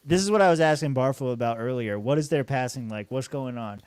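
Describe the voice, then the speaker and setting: A man's voice: mid-range voice, animated, fairly quick, hardly any pauses, darkish tone, no room sound. Young guy on a podcast, rambly and cussing, laughs a lot, mid voice, dead dry mic. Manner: rambling, swears freely, laughs often. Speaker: podcast co-host. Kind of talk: casual fantasy football chat.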